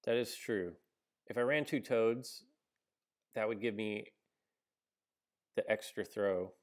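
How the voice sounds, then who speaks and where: A man's voice: on the low side, slow pace. A man giving casual live-stream commentary on a game he is playing. He thinks aloud, stops and restarts often with ums and likes, and answers viewers between moves. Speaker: gaming streamer.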